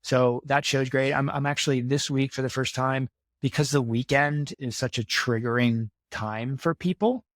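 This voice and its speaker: A man's voice: mid-range voice, steady tone, moderate pace, no echo, studio quality. A man talking as a podcast guest in casual interview talk, earnest and motivational, repeating himself for emphasis.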